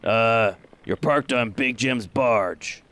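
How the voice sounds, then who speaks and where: A man voicing a scarred male half-orc barge guard with a deep voice and blunt, slow demands. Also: bright, forceful tone. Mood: menacing.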